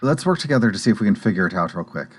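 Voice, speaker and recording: Brief: deep, expressive man rallying the party. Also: racing, husky, faint music behind. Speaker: player. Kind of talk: casual play.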